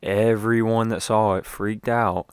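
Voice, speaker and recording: A man with a low, smooth voice hosts a casual sports podcast. He rambles loosely and fills his pauses. The sound is dry and close. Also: steady tone, dry recording. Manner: rambling, loose, lots of fillers. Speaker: podcast host.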